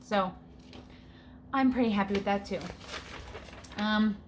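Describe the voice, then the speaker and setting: A woman's voice: mid-range voice, takes it slowly, a little hiss or hum. A woman in her forties vlogging in a casual, frank, chatty way, her breathing often audible. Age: 40s. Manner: chatty, frank, gets exasperated. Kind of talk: casual chat.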